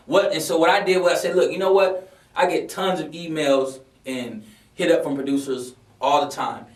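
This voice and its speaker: Impassioned high-voiced man in an echoey room. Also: fairly even intonation, normal speed. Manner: impassioned, preachy, emphatic with repetition. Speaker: music business mentor. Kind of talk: motivational rant to camera. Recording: roomy sound from a distant mic.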